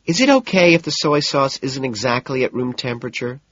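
A man voicing an anxious, well-mannered young woman in an audiobook, soft and hesitant. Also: medium pitch, expressive, fairly quick, slightly rough, dry recording, voice pushed up. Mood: cautious. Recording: dull, muffled audiobook recording.

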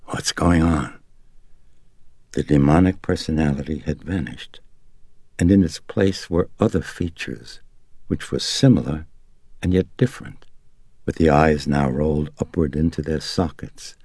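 A man narrating a horror novel in a slow, brooding, deliberate reading. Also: rumbling low, mellow, no echo. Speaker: audiobook narrator.

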